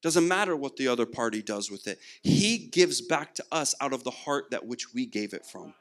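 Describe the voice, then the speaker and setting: A man's voice: medium pitch, animated, normal speed. A young man preaching a sermon, telling a personal story and acting out the dialogue himself. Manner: storytelling, acts out quoted dialogue. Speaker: guest preacher.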